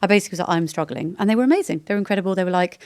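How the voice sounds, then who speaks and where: A woman's voice: on the low side, animated, rapid-fire, clean tone, no echo, clean studio sound. A British woman in her thirties, a podcast guest, talking candidly in a chatty, rambling way that often interrupts itself. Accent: British English. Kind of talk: candid casual chat.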